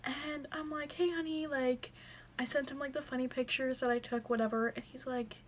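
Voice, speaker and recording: Chatty high-voiced young woman vlogger. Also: level tone, moderate pace, a little hiss or hum. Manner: chatty, lots of fillers and "like". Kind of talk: casual storytime chat.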